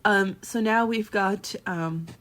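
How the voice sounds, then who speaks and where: A woman's voice: mid-range voice, takes it slowly, a bit bright. A woman co-hosting a podcast in casual chat, rambling with many fillers and restarts. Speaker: podcast co-host.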